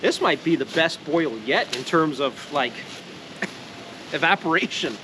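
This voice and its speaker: A man's voice: a little high, expressive, measured pace, background noise. Rambling Canadian man vlogging outdoors. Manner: rambling, jokey, laughs often, swears casually. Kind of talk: casual outdoor vlog chat. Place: outdoors in the woods at a sap boil.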